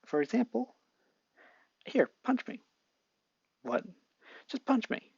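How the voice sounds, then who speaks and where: Dude voicing an excited teen boy, high and upbeat, muffled mic. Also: takes it slowly, vocal fry, slightly rough, dry recording, heavily acted. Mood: eager. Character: eager friendly teenage boy. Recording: dull lo-fi mic.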